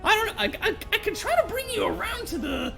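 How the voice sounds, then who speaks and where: A man voicing an excitable little male goblin who stammers and fumbles his words. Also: fast talker, gravelly, over loud music, exaggerated voice. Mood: excited. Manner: squeaky, flustered, stammering.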